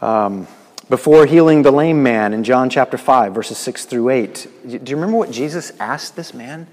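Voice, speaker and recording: A male pastor preaching a conversational sermon, putting questions to the congregation and moving between loud emphasis and hushed asides. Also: mid-range voice, expressive, normal speed, in a large hall.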